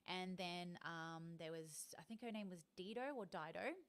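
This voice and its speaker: A woman's voice: lowish voice, moderate pace. An Australian woman in her thirties chatting in a rambling, casual way on a live stream, with many ums and frequent laughs.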